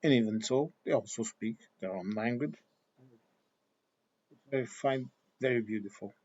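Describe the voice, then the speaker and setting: Slow-talking man. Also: medium pitch, darkish tone, dry recording. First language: Portuguese. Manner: thoughtful, unhurried, pauses to find words. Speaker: vlogger. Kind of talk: opinion monologue. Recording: dull lo-fi recording.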